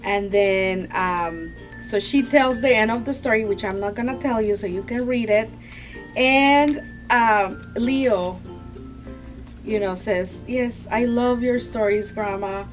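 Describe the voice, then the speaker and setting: A woman's voice: mid-range voice, slow, over music, rough recording. A woman guest chatting casually and enthusiastically about children's picture books, laughing often. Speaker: guest book reviewer.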